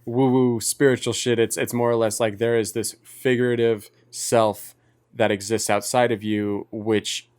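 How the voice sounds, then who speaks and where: A man co-hosting a podcast in casual chat, laid-back and quick with short agreeing replies. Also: mid-range voice, level tone, darkish tone, smooth, no room sound, clean studio sound. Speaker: podcast co-host.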